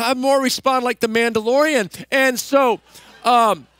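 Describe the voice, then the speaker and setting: A man pastor preaching a sermon in a conversational, self-deprecating way, going soft and slow when he leads prayer. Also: very high voice, steady tone, no echo.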